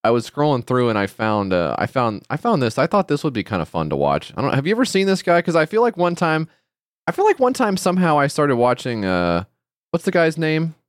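A man hosting a podcast in casual chat, animated and laughing often. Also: a little high, a little fast, no room sound, clean studio sound. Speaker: podcast host.

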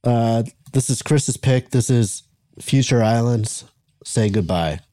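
A man's voice: medium pitch, takes it slowly, dark tone, no room sound, studio quality. A man co-hosting a podcast, chatting casually and laughing along often. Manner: laid-back, frequent agreeing and laughing. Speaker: podcast co-host. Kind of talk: casual chat.

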